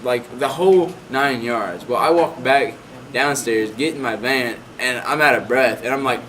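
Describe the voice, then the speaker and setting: A man's voice: mid-range voice, moderate pace, fairly bright tone, rough recording. A young man in his late teens casually telling a personal story, rambling and filling his talk with "like". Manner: rambling, heavy on "like" fillers. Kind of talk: casual anecdote.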